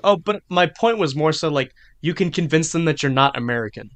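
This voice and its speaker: A man co-hosting a podcast, chatting casually in a rambling, halting way with many restarts. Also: fairly high pitch, lively intonation, no room sound. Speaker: podcast co-host. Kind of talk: casual chat.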